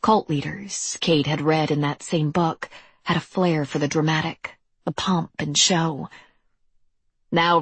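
A woman narrating an audiobook in a measured, deliberate storytelling manner. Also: fairly low pitch, breathy edge, no room sound.

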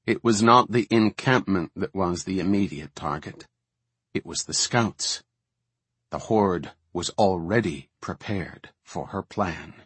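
A man reading a fantasy novel aloud as an audiobook narrator, in a measured, even storytelling manner. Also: low voice, slightly rough, no room sound.

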